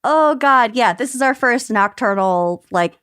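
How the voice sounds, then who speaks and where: A woman's voice: on the high side, expressive, a little slow, a bit bright, clear, resonant tone, dry recording. A woman co-hosting a podcast in casual chat, with a dry, teasing manner. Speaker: podcast co-host.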